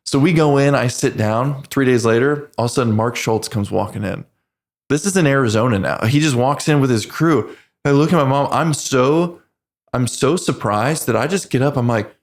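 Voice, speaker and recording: A man in his forties, a veteran guest on a podcast, telling his story in earnest, halting speech with many restarts. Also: medium pitch. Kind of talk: casual storytelling interview.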